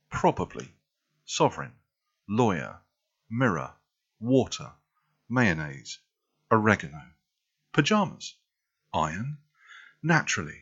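A man with a low, deep voice and a well-spoken southern English accent, originally from North London. He talks casually to camera, running through a word list with a wry, dry humour. The recording sounds a little muffled and lo-fi. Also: a bit bright, husky. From North London, England. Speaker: vlogger doing an accent tag.

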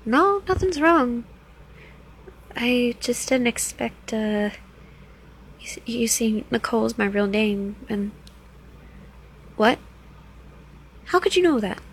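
A woman's voice: fairly high pitch, expressive, takes it slowly, long pauses, slight background noise, low-quality recording. A woman playing a teasing New Jersey club dancer. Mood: startled, awkward. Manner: playful, teasing, coaxing. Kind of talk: first-person audio role-play.

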